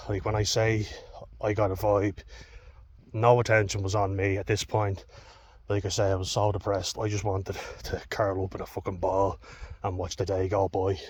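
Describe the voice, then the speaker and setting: A man's voice: fairly low pitch, a little mellow, slight background noise. A man telling a personal story in a blunt, candid way, swearing often. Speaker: vlogger.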